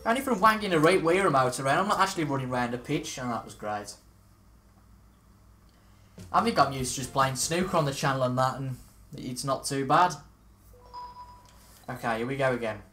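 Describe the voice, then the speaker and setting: A man's voice: mid-range voice, moderate pace, long pauses, pushed and bright, slight background noise. A young man casually commentating on a video game, chatty and self-mocking, reacting aloud as he plays. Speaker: gaming video host. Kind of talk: casual let's-play commentary.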